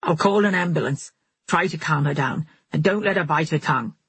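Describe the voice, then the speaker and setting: Gruff brusque hairdresser guy, husky and low, read by a woman. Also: fairly quick, fairly bright tone, no echo, exaggerated voice. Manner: brusque, threatening. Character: gruff red-faced middle-aged male hairdresser.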